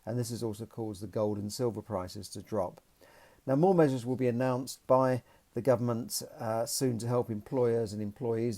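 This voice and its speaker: A man's voice: medium pitch, dark tone. A man hosting a solo podcast, commenting in a rambling, opinionated way. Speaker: podcast host.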